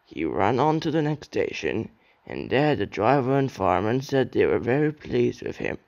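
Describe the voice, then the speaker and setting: A man's voice: mid-range voice, very animated, normal speed, vocal fry, a little mellow, dry recording, dull audio. A young man reading a children's railway story aloud as an amateur narrator, with occasional slips.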